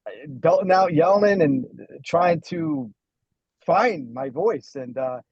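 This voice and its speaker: A man's voice: fairly high pitch, expressive, slow, darkish tone, breathy edge, no echo, highs cut off. A man who sings lead in a band, chatting casually in a rambling, self-deprecating way with many restarts. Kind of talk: casual chat.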